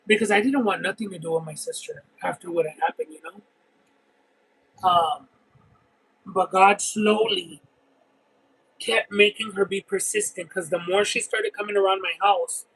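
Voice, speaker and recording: High, bright-voiced man telling a story. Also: a little slow, long pauses, breathy edge, poor audio. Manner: expressive, detailed rambling storyteller. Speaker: livestream host eating and reading chat. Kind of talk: casual chat and storytelling.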